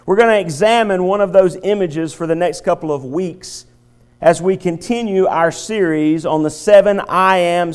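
A male pastor delivers a sermon at an unhurried pace. His voice sits a little high for a man, and he pauses often on filler sounds between phrases as he announces and tells stories. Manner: halting, many filler pauses. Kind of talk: sermon with storytelling.

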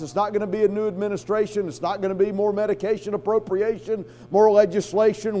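A pastor preaching an emphatic sermon that relies on repetition and call-and-response. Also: male voice, high voice, a little mellow.

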